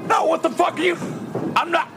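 A blustering, lecturing bowling buddy. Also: male voice, extremely high pitch, fairly quick, over music. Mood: hectoring. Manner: hectoring, pedantic, swears a lot. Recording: film soundtrack with background noise.

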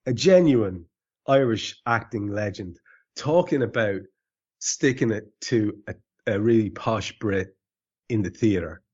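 A man co-hosts a podcast in loose, chatty talk, stumbling over repeated words and laughing easily. His voice sits fairly low. The recording is a little dull. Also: lively intonation, slow pace, a little mellow, slightly rough. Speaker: podcast co-host. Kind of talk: casual podcast chat.

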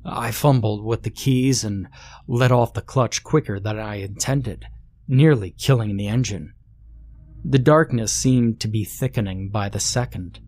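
Slow, low-voiced man narrating horror. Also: a little mellow.

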